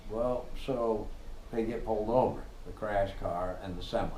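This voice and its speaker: Lively middle-aged man spinning a tale. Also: on the low side, moderate pace. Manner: animated, laughing, swearing, acts out quotes. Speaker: storyteller. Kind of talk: casual storytelling. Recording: echoey room with faint noise.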